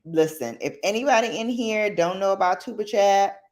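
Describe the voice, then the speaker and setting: A woman hosting a casual late-night livestream, chatting playfully with viewers in a slangy, animated way and acting out quotes. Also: mid-range voice, normal speed. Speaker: livestream host.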